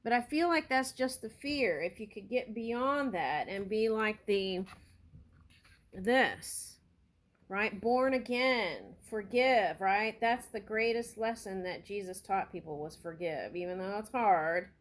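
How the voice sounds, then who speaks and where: A woman giving a spiritual tarot reading, talking slowly and earnestly and thinking aloud as she goes. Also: mid-range voice. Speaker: tarot reader.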